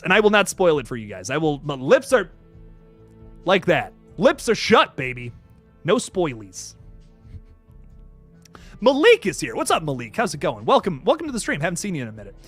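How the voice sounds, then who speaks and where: An excitable young man chats through a casual live stream, reading out viewer comments. His somewhat high voice swings widely in pitch as he talks. Faint music plays quietly behind him. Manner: excitable and animated, swearing casually. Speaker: YouTube channel host.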